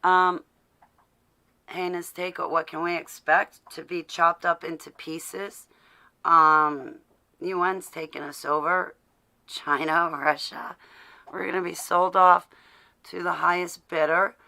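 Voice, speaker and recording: A woman vlogger goes live from home with a rambling, sarcastic political rant, greeting viewers by name along the way. She talks slowly in a fairly low, gravelly voice that is bright and forceful, with little pitch movement.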